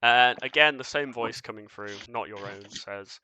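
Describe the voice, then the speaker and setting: A man's voice: mid-range voice, moderate pace, hardly any pauses, sharp tone, clear, resonant tone, no echo. A man narrating as game master of a tabletop game, casual and loose, with fillers and chuckles.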